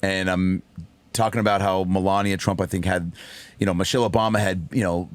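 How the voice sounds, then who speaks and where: Man, comedian, lowish voice, animated storytelling, swears freely, dry sound. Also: fast talker, dry recording. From raised by a single mother. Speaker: comedian guest. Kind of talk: casual storytelling on a podcast.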